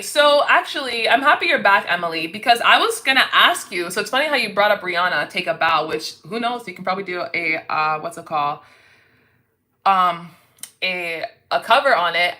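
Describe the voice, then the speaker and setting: A woman's voice: mid-range voice, bright, forceful tone. A woman from Canada hosting a casual livestream, chatting with viewers, reading out their comments and laughing often. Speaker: livestream host reading chat.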